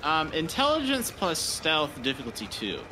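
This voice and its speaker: A man's voice: on the high side, wildly swooping pitch, moderate pace, noisy background. A man narrating a tabletop game as game master, rambling and hesitant with many fillers.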